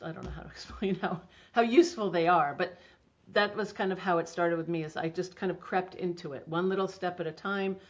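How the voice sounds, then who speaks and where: A middle-aged woman guest talking enthusiastically about homeopathy in a casual interview, chatty with many restarts. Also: on the low side. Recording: dull lo-fi audio.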